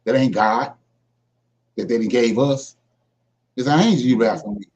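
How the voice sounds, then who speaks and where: Reading scripture aloud before explaining it with emphasis, this man teaches an informal Bible study and keeps checking in with "right?". He speaks in a mid-range, slightly mellow voice at a moderate pace, captured on a dull lo-fi recording.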